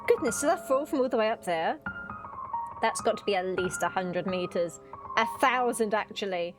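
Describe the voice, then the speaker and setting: A woman's voice: medium pitch, animated, normal speed, close to an everyday voice. Woman putting on a prim, dazed young Alice. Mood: puzzled. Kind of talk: reading game dialogue aloud in a character voice. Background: game music.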